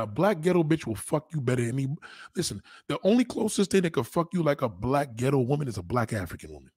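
A man's voice: mid-range voice, slightly rough, no room sound, studio quality. A man hosting a casual streamed chat, talking in a crude, rambling way full of street slang. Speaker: host.

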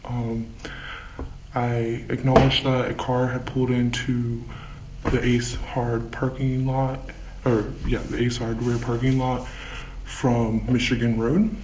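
A man being interviewed as a witness, his voice altered to disguise it, recalling events slowly and haltingly. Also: medium pitch, flat delivery, darkish tone, echoey room, a little hiss or hum, low-quality recording. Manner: slow, halting recollection.

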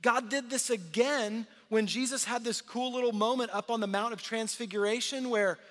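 A man in his thirties preaching a sermon to his church in a conversational, earnest way, swinging from loud to hushed. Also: very high voice, fairly even intonation, normal speed. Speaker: pastor. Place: large church hall. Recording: long hall reverb.

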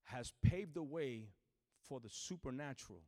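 A man preaching a sermon to a church, swinging from shouted exhortation to hushed, near-whispered storytelling. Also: medium pitch, lively intonation, moderate pace.

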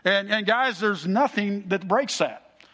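Bright-voiced middle-aged preacher. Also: male voice, sits high, unhurried. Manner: folksy storytelling, repeats words. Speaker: pastor. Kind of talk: sermon.

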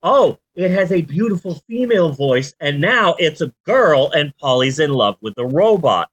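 A man chatting about films on a podcast, his pitch leaping all over as he rants. He jokes, swears and builds up to outbursts, with everyday energy in between. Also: normal speed, husky, highs cut off. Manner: animated, ranting and joking, with swearing outbursts. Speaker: podcast host. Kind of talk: casual movie chat.

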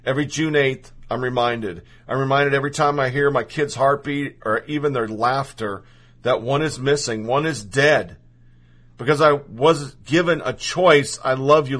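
A man's voice: medium pitch, fairly bright tone. A man reading a personal story aloud in the first person, earnest and emotional.

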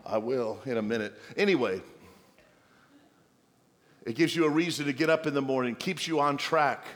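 Preaching pastor in an echoing hall. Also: male voice, mid-range voice, normal speed, long pauses. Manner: exhorting, playful asides and mock voices of the congregation. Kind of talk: sermon.

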